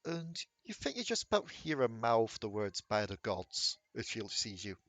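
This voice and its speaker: A man as game master, narrating a tabletop game in steady, descriptive terms. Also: medium pitch, normal speed, dry recording.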